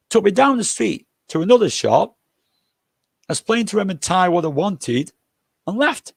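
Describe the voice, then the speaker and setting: A man's voice: high-pitched, very animated, normal speed, gravelly, breathy edge, dry recording, studio quality. An older man hosting a livestream, telling rambling, jokey anecdotes and swearing freely. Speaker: livestream host.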